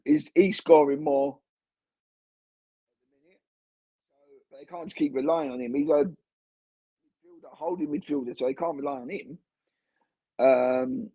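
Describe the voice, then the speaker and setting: A man co-hosting a casual football podcast over a video call, talking in a relaxed, rambling way. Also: on the high side, breathy edge, dry recording. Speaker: podcast co-host. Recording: dull, dry lo-fi call audio.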